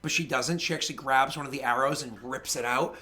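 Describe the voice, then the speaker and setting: A man's voice: mid-range voice, steady tone, quick pace, pushed and bright. A man running a tabletop game as game master, playful and prone to stammering restarts.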